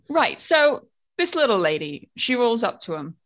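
A woman's voice: medium pitch, big pitch swings, normal speed, hardly any pauses, a bit bright. A woman co-hosting a podcast, telling a story with wry, dry asides. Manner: wry, dry jokes, reads out the story details. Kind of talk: casual chat with storytelling narration.

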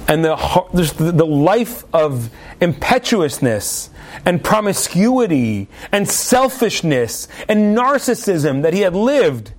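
High-voiced animated male preacher. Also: slow. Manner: animated, acts out the voices of the figures in his story. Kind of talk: sermon storytelling.

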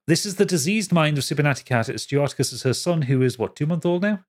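A man hosting a podcast, chatting casually, laughing often and reading listener messages in an animated way. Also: fast. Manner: lively, laughs often, jumps high when reading quotes. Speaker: podcast host.

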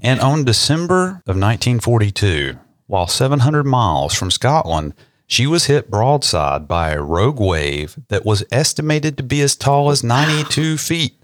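A man's voice: mid-range voice, big pitch swings, moderate pace, no echo, studio quality. A young man co-hosting a podcast, reading history facts and joking about them. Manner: joking, reads facts then riffs. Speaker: podcast co-host. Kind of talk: casual chat and read history.

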